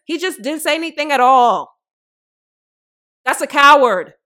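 A woman's voice: high-pitched, animated, a little slow, pauses often, pushed and bright. A woman in her thirties hosting a podcast, giving blunt, profane, emphatic opinion commentary in a casual way. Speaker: podcast host.

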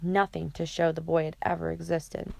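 A woman narrating an audiobook chapter in a steady, even reading. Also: low-pitched, moderate pace, vocal fry, no echo.

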